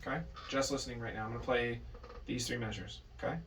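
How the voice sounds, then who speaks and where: A man's voice: medium pitch, level tone, quick pace, a bit bright, slight background noise. A man teaching a private drum lesson, patient but firm, correcting his student and counting out beats. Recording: distant mic with drums in the room.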